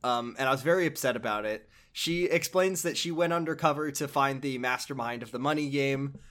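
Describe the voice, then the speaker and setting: A man's voice: medium pitch, fairly quick, a bit bright. A man hosting a podcast, recapping a video game in a rambling, hesitant, swearing way.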